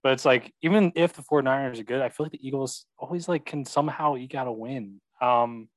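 A man's voice: mid-range voice, fairly quick, no room sound, low-quality recording. A young man chatting about football, agreeable and hesitant, full of ums and yeahs. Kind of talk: casual sports chat.

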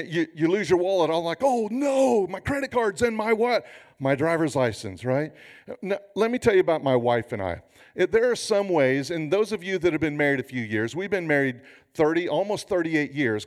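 A man in his fifties, a pastor preaching a sermon with humorous, animated storytelling. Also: on the high side.

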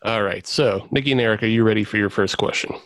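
A man's voice: on the low side, fast, a bit bright, no room sound. A man hosting a casual trivia game among friends, announcing the rules and giving rulings while laughing at the players. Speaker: quiz host.

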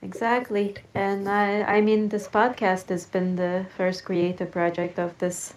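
A woman's voice: medium pitch, flat delivery, unhurried, slight background noise, poor audio. A woman co-hosting a podcast in casual chat, upbeat and chatty with frequent fillers. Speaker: podcast co-host.

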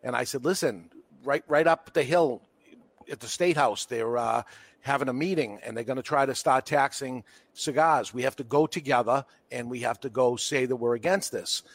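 On a podcast, a man from Boston who runs a cigar business spins casual, animated tales and voices the quotes within them. His pitch is medium and his pace normal, captured in a dry recording.

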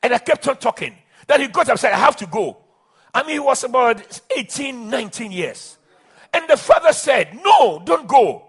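Husky, high-voiced preacher. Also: male voice, lively intonation, normal speed, fairly bright tone. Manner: emphatic, impassioned preaching with restarts. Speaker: pastor. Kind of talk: sermon.

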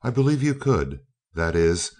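A man voicing a spirited young woman in a spoken story. The voice stays deep while she speaks heatedly, pressing with questions. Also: sing-song, measured pace, a little mellow.

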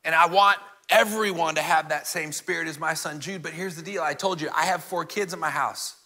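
Bright-voiced pastor preaching in a reverberant hall. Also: male voice, a little high, steady tone, a little fast. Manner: storytelling, acts out family dialogue, addresses congregation directly. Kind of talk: sermon with personal story.

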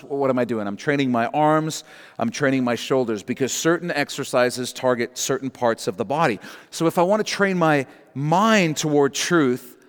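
A male pastor preaching a sermon, emphatic and slowing down to stress key words. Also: mid-range voice. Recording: long hall reverb.

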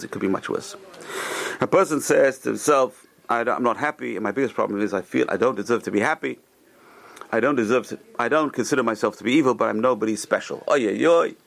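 A man giving a Torah class, animated and repeating phrases for emphasis. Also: mid-range voice, vocal fry, a little hiss or hum. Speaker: rabbi teaching a class.

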